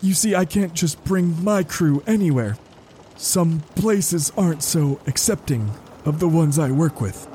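A man voicing an evasive ship captain who talks in a placating, drawn-out way. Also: a little high, lively intonation, warm tone, a little hiss or hum. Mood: calm. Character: smooth-talking male ship captain, evasive.

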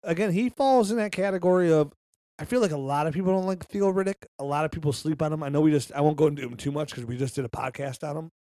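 Hoarse fast-talking man. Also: on the high side, dark tone, no echo, studio quality. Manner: rattles off player stats and rankings. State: hoarse, throat giving out. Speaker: podcast co-host. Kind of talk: casual sports chat.

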